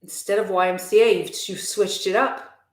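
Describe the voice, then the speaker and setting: A chatty woman streaming from a room at home, her voice carrying a roomy echo. She talks candidly and replies to viewers in a loose, conversational way, at a middle pitch for a woman. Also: steady tone, moderate pace. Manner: candid, chatty, reads and answers viewer comments. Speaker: live streamer. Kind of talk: casual live-stream chat.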